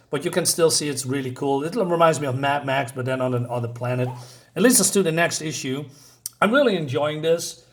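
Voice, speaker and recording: In a casual video review, a man with a voice on the high side talks about a comic book, rambling, filling gaps with "um" and "uh," and correcting himself often. He reads the characters' lines aloud in nearly the same plain voice he uses himself.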